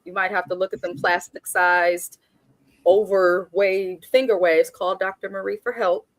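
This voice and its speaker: A woman's voice: fairly low pitch, steady tone, measured pace, dry recording. A woman from Oakland, California talks through a reality TV episode in a casual, blunt and sassy way. She sounds opinionated and unfiltered. The recording is dry, with almost no room sound. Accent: African American Vernacular English speaker from Oakland. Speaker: reality TV review host. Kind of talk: casual recap commentary.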